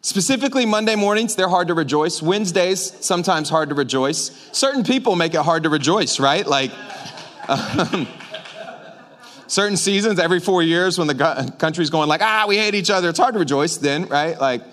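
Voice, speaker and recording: High-voiced joking pastor. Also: male voice, normal speed. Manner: joking, conversational, animated preaching with audience asides. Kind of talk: casual sermon. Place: church sanctuary.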